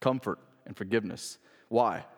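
A man's voice: fairly low pitch, moderate pace, long reverb tail. A young adult man, a pastor, preaching a sermon in a conversational, emphatic way, full of rhetorical questions.

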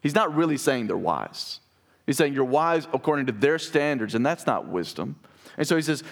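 A man's voice: medium pitch, sing-song, normal speed, creaky. A man preaching a sermon, reading scripture aloud and then talking it through conversationally, asking the congregation questions. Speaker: pastor.

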